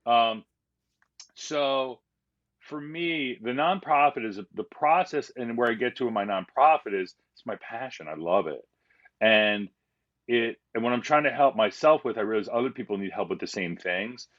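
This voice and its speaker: A man's voice: medium pitch, animated, moderate pace, muffled recording. A man talking as a guest on a podcast, speaking candidly and rambling with frequent fillers and restarts. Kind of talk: casual conversation.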